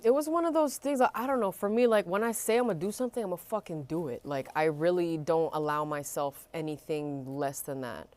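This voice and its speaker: A woman from Vancouver, Canada, chatting candidly as a podcast guest and telling animated stories peppered with swearing. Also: lowish voice, a little fast, few pauses. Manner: candid, animated storyteller with frequent profanity. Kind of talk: casual chat.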